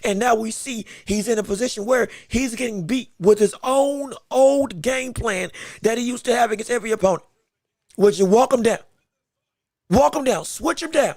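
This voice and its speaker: A male podcast host giving live watch-along commentary on a fight, excitable and emphatic, shouting encouragement with a strained voice. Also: very high-pitched, moderate pace, no echo, clean studio sound. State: straining his voice.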